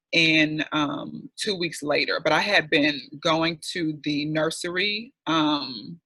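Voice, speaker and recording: A man's voice: on the high side, sharp tone, breathy edge, dry recording, poor audio. A man telling a candid, heartfelt personal story as a guest in an online panel discussion, chatty and full of fillers.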